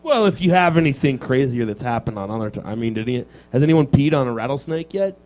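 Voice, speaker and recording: A man's voice: medium pitch, lively intonation, quick pace, darkish tone. A man hosting a casual radio interview, teasing and joking with dry asides. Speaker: radio show host. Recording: radio studio with music underneath.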